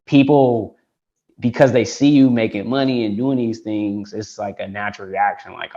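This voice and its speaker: Low-voiced founder, rambling on lo-fi audio. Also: male voice, fairly even intonation, moderate pace, darkish tone. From Detroit, United States. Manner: rambling, heavy with "like" and restarts. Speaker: tech founder, guest. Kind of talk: casual interview talk. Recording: dull lo-fi call audio.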